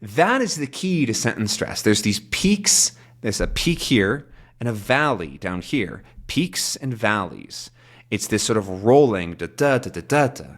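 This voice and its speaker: A young man gives a relaxed English lesson, his voice rising and falling widely as he explains. He taps out rhythms by chanting syllables, thinking aloud as he goes. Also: fairly low pitch, unhurried. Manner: lively, demonstrates stress by chanting syllables. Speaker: English teacher.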